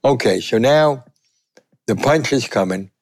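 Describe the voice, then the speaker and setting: An older man, a veteran sportswriter telling a lively story and acting out the quotes. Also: measured pace. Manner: lively, acts out quotes with big pitch jumps. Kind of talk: animated storytelling.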